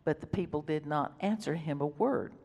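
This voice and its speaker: A woman's voice: sits low, moderate pace, darkish tone. Woman preaching in a reverberant hall. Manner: emphatic reading broken by casual explanatory asides. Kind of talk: sermon, reading scripture with commentary.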